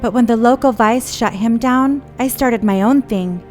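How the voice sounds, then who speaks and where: A woman reads a scripted voice-over about her own life, plain and reflective in tone. Her voice sits a little high, with faint music behind it. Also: normal speed, darkish tone. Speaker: documentary narrator.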